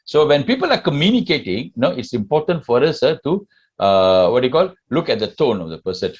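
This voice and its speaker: A man's voice: mid-range voice, very animated, brisk, breathy edge, muffled recording. A man with a Malaysian English accent giving a classroom lecture and often asking the class questions. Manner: asks the class questions, tags sentences with "lah".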